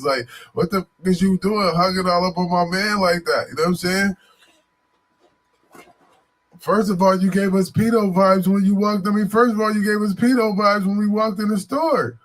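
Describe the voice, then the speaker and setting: A man from Buffalo, New York, casually tells a story in a voice a little higher than most men's. Loose and animated, he rambles, loops back on himself, and leans heavily on fillers like "you know what I'm saying."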